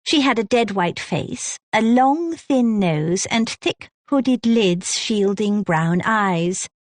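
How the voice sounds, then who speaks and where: A woman narrating an audiobook in a measured, descriptive manner on a close studio mic. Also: medium pitch, expressive, no room sound. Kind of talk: scripted narration.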